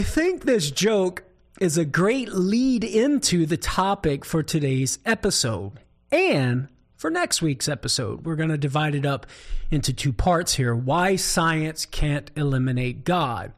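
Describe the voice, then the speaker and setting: A Cajun man with a slightly high voice hosts a talk show, delivering his commentary in a lively, swooping way. He tells stories with plenty of chuckles and varies his pace. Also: unhurried. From southern Louisiana. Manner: animated storyteller, chuckles often. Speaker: show host, Catholic apologist.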